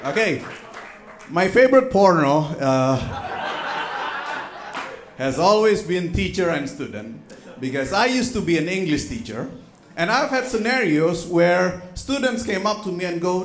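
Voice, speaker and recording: A man's voice: high-pitched, a little slow, pauses often. A man doing a stand-up set on stage, telling stories with acted-out quotes. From Indonesia. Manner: animated storytelling with acted-out quotes. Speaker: stand-up comedian. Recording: echoey venue room.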